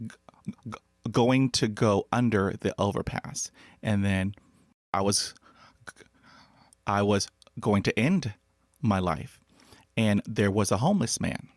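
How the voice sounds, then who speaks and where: Brief: male podcast host, low voice, slow and halting stutter, dry close sound. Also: dry recording. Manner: stutters with repeated sounds and blocks. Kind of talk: conversational interview.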